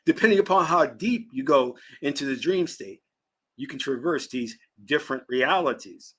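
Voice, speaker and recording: A man from Virginia giving an emphatic, preaching spiritual lecture on a livestream, answering chat and stretching key words slowly. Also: mid-range voice, sharp tone, slightly rough. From Virginia, US South. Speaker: spiritual teacher and channel host.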